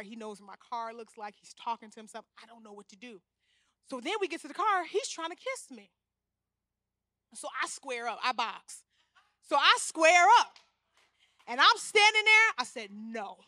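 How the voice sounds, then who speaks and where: A woman in her thirties giving an animated, humorous storytelling sermon in a church, speaking straight to the congregation. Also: high voice, no echo, clean studio sound. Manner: animated, humorous, talks to the crowd as "y'all".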